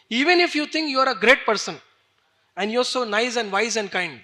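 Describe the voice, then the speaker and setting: Guy telling a scripture story, chatty, says you know a lot, high voice. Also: lively intonation, fairly quick, sharp tone. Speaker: storyteller preacher. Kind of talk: devotional storytelling sermon.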